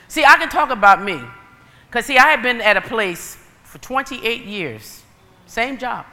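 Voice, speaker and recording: A woman preacher giving a sermon in an animated storytelling way, acting out dialogue. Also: a little high, measured pace. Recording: long reverb of a hall.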